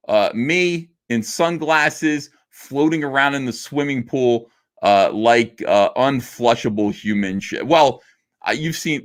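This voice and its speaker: A middle-aged man hosting a casual livestream, reading viewer messages aloud and answering them in a loose, joking way with many fillers. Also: mid-range voice. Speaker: livestream host reading super chats.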